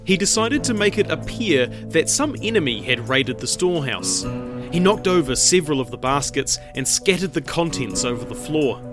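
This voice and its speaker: A man's voice: on the high side, very animated, moderate pace, over music. Man narrating a dramatic legend. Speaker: storyteller.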